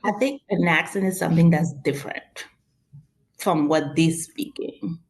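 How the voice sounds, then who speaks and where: A woman's voice: lowish voice, a little slow, vocal fry. A woman with a Haitian-influenced accent, a guest chatting casually and acting out little quoted exchanges. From New York. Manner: expressive, acts out quoted exchanges. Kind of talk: casual conversation.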